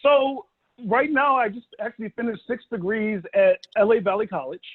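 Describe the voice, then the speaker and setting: A man in his thirties from Dallas, Texas, performing a stand-up comedy set, telling animated stories with acted-out quotes into a phone held by his son. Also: sits high, moderate pace. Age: 30s. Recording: thin phone-like audio.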